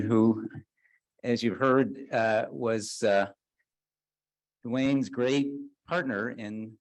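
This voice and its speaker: Man, master of ceremonies, low voice, dry sound, hesitant with fillers. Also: darkish tone, no room sound, poor audio. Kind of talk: formal introduction. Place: memorial gathering.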